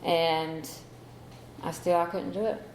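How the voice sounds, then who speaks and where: Sharing her story at a recovery meeting, a woman in her thirties speaks candidly and conversationally, using "you know" a lot. Her voice is fairly low and darkish, with little pitch movement, and she takes it slowly. The echoey room recording has a little hiss or hum.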